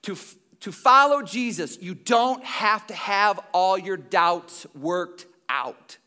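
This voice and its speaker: A man's voice: sits high, expressive, slow, bright, forceful tone. A male pastor giving a sermon in a conversational way, full of restarts and asides, in church.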